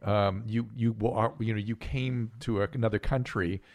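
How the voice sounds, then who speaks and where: A man hosting a casual podcast chat, talking quickly and animatedly and laughing often. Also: on the low side, steady tone. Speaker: host.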